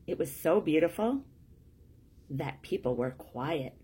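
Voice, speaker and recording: A woman reading a children's storybook aloud in a plain, steady way, one sentence at a time. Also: deep voice, unhurried, slightly rough. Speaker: storybook reader.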